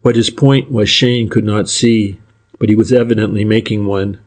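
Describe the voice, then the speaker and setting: A male audiobook narrator with a fairly low voice, reading a classic crime novel. He tells the story in a measured, even way.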